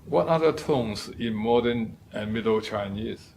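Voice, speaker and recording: A male professor giving a lecture, speaking deliberately and demonstrating sounds aloud. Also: fairly low pitch, vocal fry, darkish tone, a little hiss or hum. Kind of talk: lecture on poetry and tones.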